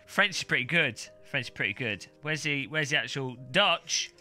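Lively, bright-voiced man rambling. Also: mid-range voice, measured pace, faint music behind. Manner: rambling, jokey, reads foreign words in silly exaggerated voices. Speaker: tech streamer. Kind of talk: casual unboxing chat.

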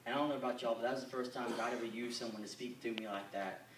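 A young man giving an earnest, halting church testimony full of fillers. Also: medium pitch, fairly even intonation, background noise. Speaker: youth camper giving a testimony. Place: church or camp meeting hall. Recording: echoey hall, mic at a distance.

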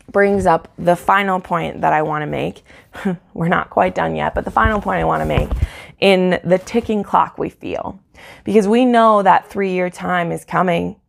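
Gravelly low-voiced woman reviewing a book. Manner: rambling and emotional, heavy on fillers like "like" and "um". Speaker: book YouTuber. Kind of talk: casual book review chat.

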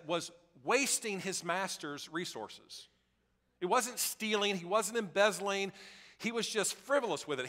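A man's voice: sits high, sharp tone, big-room sound. A male pastor preaching a sermon in an emphatic, repetitive way, leading the congregation in call-and-repeat.

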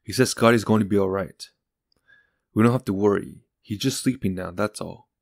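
A man voicing an anxious young mother at her child's hospital bedside, asking soft, pleading questions. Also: lowish voice, moderate pace, vocal fry, no room sound, studio quality. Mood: worried.

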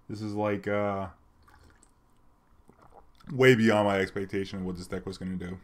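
A man giving casual commentary on his card game match, muttering low remarks and breaking into excitable cheers. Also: moderate pace, long pauses, slight background noise.

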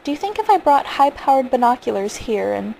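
A woman reading the part of a stern, worried father, exasperated and brooding, with a gravelly edge. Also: high-pitched, very animated, a little fast, mellow, a little hiss or hum, exaggerated voice, poor audio.

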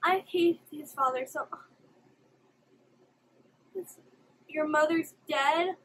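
A woman's voice: high voice, measured pace, pauses often, fairly bright tone, low-quality recording. A young woman hosting an anime reaction video, emotional and exclamatory, swearing now and then. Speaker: reaction channel host.

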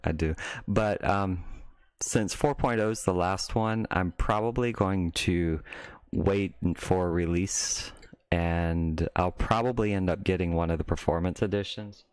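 Rambling low-voiced man on a live stream. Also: unhurried, clean tone, dry recording. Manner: rambling, self-interrupting, breaks into mocking rants. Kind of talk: casual live-stream chat.

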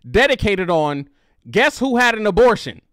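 A man hosting a casual reaction livestream, laughing and chatting with his viewers in an animated way. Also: sits high, normal speed, clear, resonant tone, dry recording, studio quality. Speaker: reaction video host.

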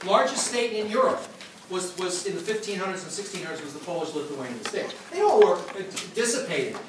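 A man teaching history, lecturing and answering student questions with lively storytelling and frequent restarts. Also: high voice, brisk. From United States. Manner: animated storyteller, repeats words when starting sentences. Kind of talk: classroom lecture and Q&A. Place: classroom. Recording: echoey classroom recorded from far off with noise.

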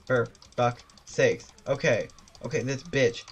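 A gaming streamer giving live commentary, swearing constantly and mocking themself, with loud outbursts and laughter while playing. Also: medium pitch, steady tone, slow, slightly rough.

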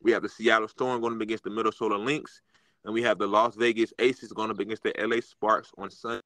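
A man chatting casually on a sports podcast, his voice sitting on the low side. He rambles with plenty of fillers and quickly gets excitable. The recording is dry and close, with no room sound. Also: no room sound, rough recording. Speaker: podcast co-host.

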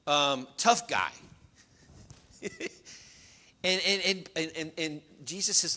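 A middle-aged man preaching a sermon as pastor, earnest, shifting between loud emphasis and quiet, confiding storytelling. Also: on the high side, slow pace, pauses often. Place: church.

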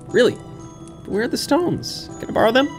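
A man voicing a frightened little girl in a game, speaking in a high, pleading voice. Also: big pitch swings, brisk, faint music behind. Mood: hopeful.

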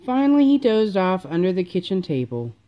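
A woman reading a children's picture book aloud, slow and expressive. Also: mid-range voice, muffled recording. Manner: lively, slow and expressive, doing character voices. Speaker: storybook reader. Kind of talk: children's storybook read-aloud.

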